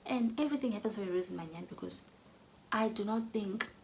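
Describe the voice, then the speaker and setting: A young woman telling an earnest personal story, often dropping to a soft whisper. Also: mid-range voice, a little fast, background noise. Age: young adult. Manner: earnest, drops to soft whispers when emotional.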